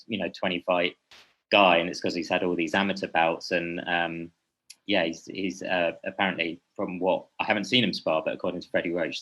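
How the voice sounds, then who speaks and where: A man's voice: low voice, a bit bright, poor audio. A man talking as a podcast guest, a boxing journalist who speaks in a meandering, hesitant way and keeps correcting himself. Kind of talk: casual podcast conversation.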